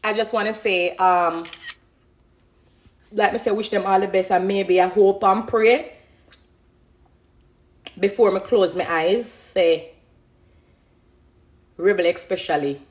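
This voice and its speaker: A woman's voice: mid-range voice, slow pace, long pauses. Chatty Jamaican woman on a live stream. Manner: chatty, talks to commenters, laughs often. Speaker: dancehall artist on a live stream. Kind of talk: casual live-stream chat.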